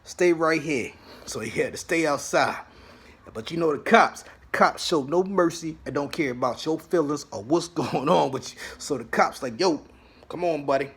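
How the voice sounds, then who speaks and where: A man's voice: a little high, normal speed, a bit bright, husky. A man hosting a casual TV recap, retelling scenes dramatically and acting out the quotes. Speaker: host of a TV recap channel.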